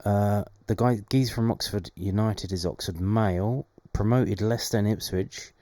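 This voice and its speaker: A man's voice: on the low side, normal speed, dark tone, no room sound. A young man, casually reading out football predictions and adding wry, chatty asides. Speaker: fan channel host. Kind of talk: casual solo commentary, reading predictions aloud.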